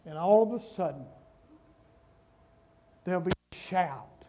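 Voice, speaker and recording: High-voiced preacher, slow and emphatic. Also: male voice, expressive, mellow. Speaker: pastor. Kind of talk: sermon.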